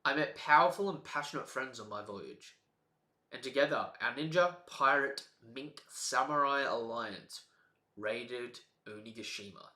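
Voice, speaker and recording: A man's voice: medium pitch, unhurried, pushed and bright. Man reading as a young shogun declaiming. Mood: proud. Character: young male shogun giving a proud speech. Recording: echoey room.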